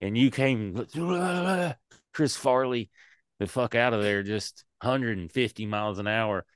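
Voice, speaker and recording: A man's voice: mid-range voice, slow, clear, resonant tone, no room sound, clean studio sound. A man co-hosting a podcast, rambling and swearing in casual chat about comedy shows. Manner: rambling, animated, swears a lot.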